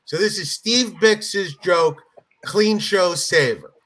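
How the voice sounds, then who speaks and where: A middle-aged man spins a comic anecdote in relaxed conversation, slipping into voices for the people in it. His voice sits high and has a bright edge. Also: slow pace. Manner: animated storyteller, acts out voices in anecdotes. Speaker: comedian guest. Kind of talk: casual storytelling chat.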